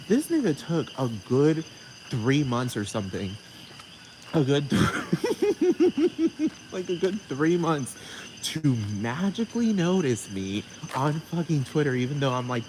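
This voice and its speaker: A man's voice: medium pitch, animated, normal speed. Sassy, foul-mouthed man ranting. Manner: sassy, heavy swearing, frequent laughter. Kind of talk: casual profane rant to camera. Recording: noisy background with crickets.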